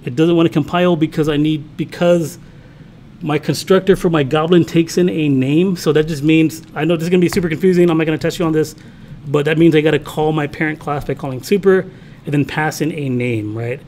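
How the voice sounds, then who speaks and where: A college programming teacher codes live during a classroom lecture, casual and muttering his thoughts to himself while typing, frequently checking in with students. He talks a little fast in a fairly high, steady, darkish voice, over slight background noise.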